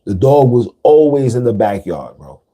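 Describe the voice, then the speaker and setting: A man's voice: medium pitch, sing-song, normal speed, mellow. A man hosting a podcast, talking casually in street slang and repeating words for emphasis. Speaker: podcast host. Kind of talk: casual monologue.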